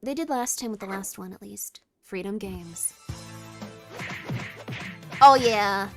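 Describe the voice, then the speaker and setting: A woman's voice: medium pitch, vocal fry, a little mellow. A woman streaming live, chatting casually and rambling as she reacts to a game showcase, with show audio and music playing behind her. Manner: chatty, rambling, quick laughs and exclamations.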